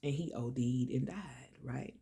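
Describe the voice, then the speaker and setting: A middle-aged woman, casually telling a personal story to her viewers, chatty and animated, calling them y'all and child. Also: rumbling low, a little slow, gravelly, breathy edge. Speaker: vlogger.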